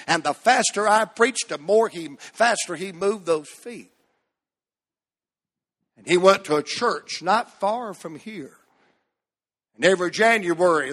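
A man with a high voice preaches a fervent revival sermon. He drives each phrase in a rhythmic cadence and bursts into exclamations. The sound rings with the long tail of a church hall. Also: fairly bright tone. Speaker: pastor. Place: church sanctuary.

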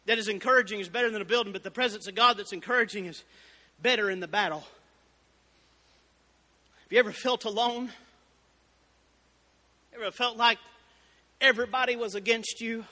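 A man preaching a fervent Baptist sermon, building up to shouted exclamations. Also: extremely high pitch, steady tone, a little fast, pauses often. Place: church sanctuary. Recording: reverberant church hall.

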